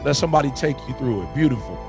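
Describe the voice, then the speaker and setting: A man's voice: medium pitch, animated, rapid-fire, music in the background. A middle-aged man giving an impassioned motivational talk, repeating phrases for emphasis in a preaching cadence. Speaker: motivational speaker.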